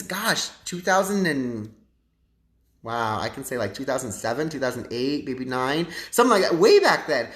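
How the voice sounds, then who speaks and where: A man's voice: on the high side, expressive, normal speed, fairly bright tone. A man hosting a casual livestream and chatting to his viewers in a sassy, campy way. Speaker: livestream host. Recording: echoey room.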